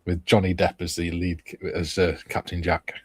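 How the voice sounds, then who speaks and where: A man's voice: deep voice, level tone, normal speed, breathy edge, no echo. A man hosting a live chat stream, easygoing and casually reading out viewers' comments. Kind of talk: casual chat while painting models.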